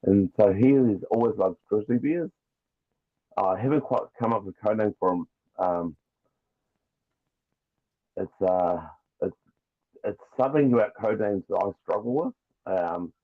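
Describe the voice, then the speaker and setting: Kiwi bloke rambling on a podcast, lowish voice, sounds like a phone line. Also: male voice, unhurried, pauses often. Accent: New Zealand. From New Zealand. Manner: rambling and chatty, jokey. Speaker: guest toy customizer. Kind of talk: casual podcast chat. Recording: tinny phone-like call line.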